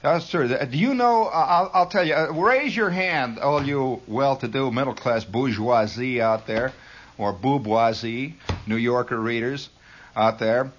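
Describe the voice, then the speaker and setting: A man's voice: mid-range voice, measured pace, slight background noise. A man hosting a radio show, talking in a wry, sardonic, rambling monologue full of asides. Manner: wry, sardonic, digressive, mock-grandiose asides. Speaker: radio host. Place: radio studio.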